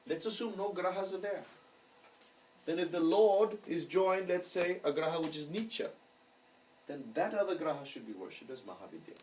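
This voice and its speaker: A man's voice: high-pitched, animated, normal speed, darkish tone, distant mic, slight background noise, rough recording. A male astrology teacher giving a lecture and leading his students in reciting mantras syllable by syllable. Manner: chants syllables for students to repeat.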